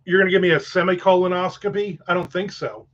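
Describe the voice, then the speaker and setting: A man's voice: high-pitched, steady tone, quick pace, fairly bright tone. A man hosting a casual livestream chat, rambling with profane jokes and asides. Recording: dull lo-fi sound.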